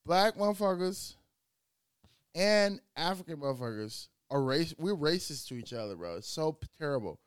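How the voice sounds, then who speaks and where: A man co-hosting a podcast, telling animated, profane stories in casual chat. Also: on the high side, moderate pace, clean tone, no room sound, clean studio sound. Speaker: podcast co-host.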